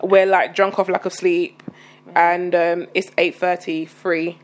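Sleepy, slow-talking young woman podcaster. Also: lowish voice, flat delivery, a little hiss or hum. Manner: slow, sleepy, rambling with many fillers. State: very tired. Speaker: podcast co-host. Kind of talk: casual chat.

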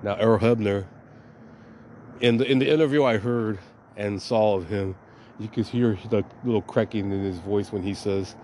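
Low-voiced man swearing through a podcast rant. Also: steady tone, moderate pace, warm tone, slight background noise. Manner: profane, rambling, emphatic. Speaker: podcast host. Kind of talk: casual podcast monologue.

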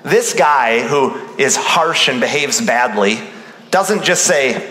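A male pastor preaching an animated sermon, acting out the voices of the people he quotes. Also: medium pitch, takes it slowly. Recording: roomy hall reverb.

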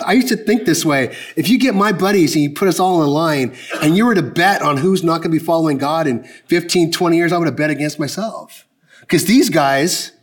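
A man preaching a sermon in a conversational, emphatic way, often asking the congregation direct questions. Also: on the high side. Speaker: pastor.

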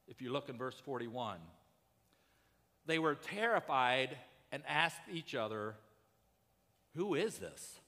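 Pastor guy preaching, bright tense voice, bit high, big echoey church hall. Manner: conversational preaching, rising to urgent emphasis. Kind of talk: sermon.

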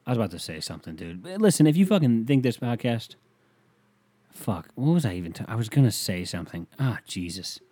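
A young man rants and rambles on his solo podcast, swearing constantly in a profane, exasperated manner from his bedroom while leaning on the mic. His medium-pitched voice is very animated and brisk, dark in tone with a breathy edge. The recording is dry.

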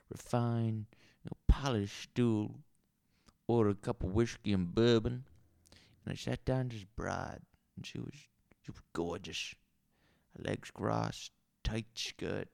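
A man's voice: lowish voice, measured pace, creaky, darkish tone, dry recording, clean studio sound. A man doing a crude rambling Southern barkeep. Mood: leering storytelling. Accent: put-on Southern US. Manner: crude, rambling, swears a lot. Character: crude rambling male Southern bar owner. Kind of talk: improvised character comedy.

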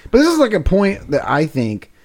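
A man's voice: sits high, wildly swooping pitch, normal speed, darkish tone, a little hiss or hum. A man hosting a comedy podcast, swearing freely, laughing often and reading news with mock gravity. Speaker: podcast host. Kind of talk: crude comedic commentary.

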